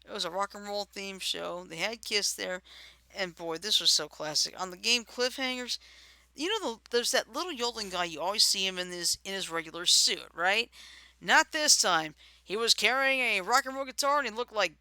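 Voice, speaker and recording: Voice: medium pitch, normal speed, sharp tone, no echo. A co-host from Alabama in casual chat on a live stream, talking things through aloud while looking them up. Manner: chatty, thinks aloud while searching. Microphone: streaming setup.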